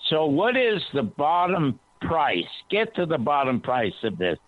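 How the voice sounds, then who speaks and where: A man on a talk radio show telling an animated story, his voice climbing high when he quotes himself. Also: unhurried, no room sound. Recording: tinny phone-line sound, dry.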